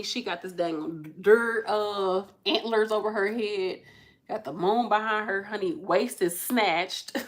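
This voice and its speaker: A woman hosting a casual pick-a-card tarot reading, talking in a chatty, effusive, slangy way to her viewers. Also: medium pitch.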